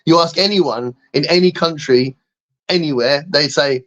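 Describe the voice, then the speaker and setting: A man's voice: a little high, normal speed, fairly bright tone, dull audio. Rambling English man chatting casually. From England. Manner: rambling, self-mocking, laughs often. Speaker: guest co-host. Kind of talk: casual live-stream chat.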